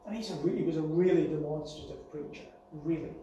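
A man delivers an earnest sermon, his voice sitting fairly high and now and then climbing into urgent warning. He is heard from a distance in a very reverberant church hall. A faint hum sits under the recording. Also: steady tone, brisk, warm tone. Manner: earnest preaching, building to raised warning passages. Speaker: pastor.

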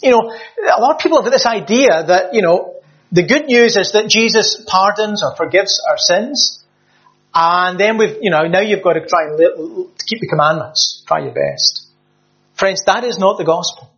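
A man's voice: high-pitched, sing-song, normal speed, a bit bright. A man preaching a sermon in an earnest, emphatic way, often restarting his words. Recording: slightly dull lo-fi sound.

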